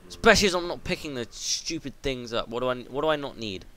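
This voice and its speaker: A man's voice: medium pitch, expressive, quick pace, pushed and bright. A teenage boy commentating his own gameplay. He swears freely, rambles, and yelps when something startles him. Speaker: gaming video host. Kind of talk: let's play commentary.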